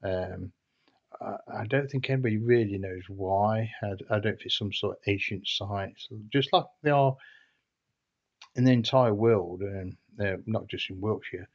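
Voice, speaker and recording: A man recounts a tale in a casual, meandering way. He hesitates often and restarts his sentences, and his voice sits fairly low. The recording sounds dull and lo-fi. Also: measured pace. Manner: hesitant and rambling, frequent restarts. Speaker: storyteller. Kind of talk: casual anecdotal storytelling.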